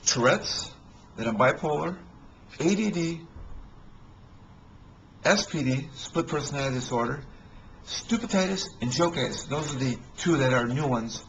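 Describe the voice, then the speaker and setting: A man telling rambling personal stories in a halting way, with many restarts and fillers. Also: a little high, lively intonation, gravelly, fairly bright tone, a little hiss or hum, poor audio.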